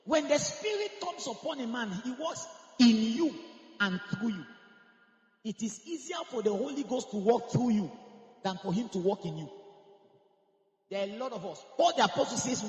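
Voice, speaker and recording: A man, preaching a sermon and telling stories, moving from hushed asides to shouted climaxes. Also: very high voice, lively intonation, normal speed, soft background music. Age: 30s. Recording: echoey hall with long reverb.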